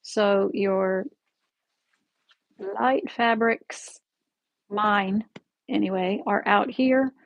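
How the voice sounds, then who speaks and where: A woman hosting a casual live-stream quilting lesson from her sewing room, chatty and friendly, often pausing to correct herself. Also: mid-range voice, steady tone, gravelly, lo-fi sound. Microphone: camera in the room, with her stepping back from it.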